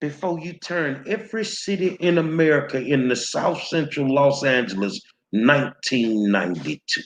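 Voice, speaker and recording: A man's voice: mid-range voice, expressive, normal speed. A man hosting his own show, delivering heated, profane commentary straight at his viewers, confrontational and stumbling over repeated words. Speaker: show host.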